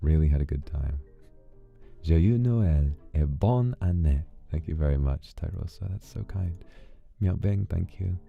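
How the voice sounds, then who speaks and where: A man streaming from home who reads out thanks to his fans in a soft, intimate way and is close to tears. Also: low voice, a little slow, gravelly. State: emotional, holding back tears. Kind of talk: casual livestream talk, reading out fan thanks. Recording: dull lo-fi audio with faint music.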